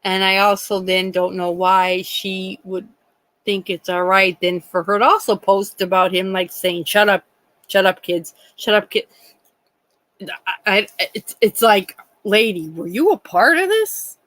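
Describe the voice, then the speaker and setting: Woman livestream host, unhurried, rambling and indignant, dry close sound. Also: mid-range voice, a bit bright, dry recording, low-quality recording. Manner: rambling and indignant, many restarts, swears. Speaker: true crime livestream host. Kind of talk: casual livestream chat.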